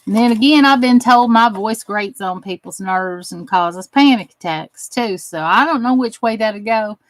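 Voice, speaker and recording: On a low-quality recording without room sound, a woman speaks at normal speed in a medium-pitched voice with a Southern US accent. She's chatting casually and warmly with her craft channel viewers while working, drawling folksy phrases.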